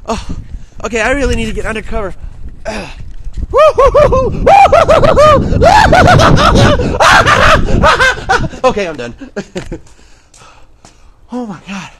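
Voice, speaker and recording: A man vlogging outdoors in a snowstorm, excitable and rambling, out of breath, talking into a handheld camera mic. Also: high voice, normal speed, pauses often, very noisy.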